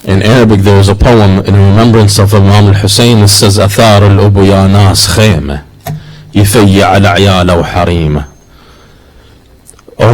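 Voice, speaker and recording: A man's voice: lowish voice, poor audio. A man preaching a sermon in an earnest, rhythmic way that repeats its phrases.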